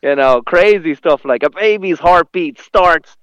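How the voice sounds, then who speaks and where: A man's voice: on the high side, a little slow, a bit bright, clean tone, dry recording, muffled recording. A man, a stand-up comedian chatting casually, rambling through stories with restarts and laughter. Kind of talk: casual conversation.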